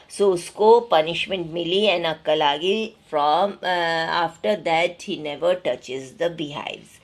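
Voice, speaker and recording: An Indian teacher with a fairly low voice explains a textbook story in class, reading each line aloud and then retelling it in simpler words, sometimes slipping into Hindi. She is unhurried and pauses little.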